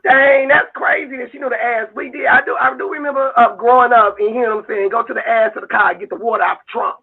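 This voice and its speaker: A man calling into a casual chat, excited and incredulous. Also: very high voice, fast, breathy edge. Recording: tinny phone line.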